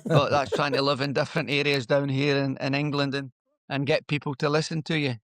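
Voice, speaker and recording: A man's voice: mid-range voice, brisk, no room sound. A man in his fifties whose Scottish accent has picked up a Lancashire lilt, speaking in a dry, close-miked sound. He tells his stories in an easygoing, anecdotal way during a casual podcast chat. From Scotland. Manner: relaxed, anecdotal storytelling. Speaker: podcast guest, former footballer.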